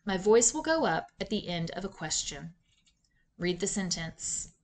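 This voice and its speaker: A woman narrating a reading lesson in a clear, measured teacher's voice, posing questions to students. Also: medium pitch, sing-song. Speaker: reading instructor. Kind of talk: scripted instructional narration.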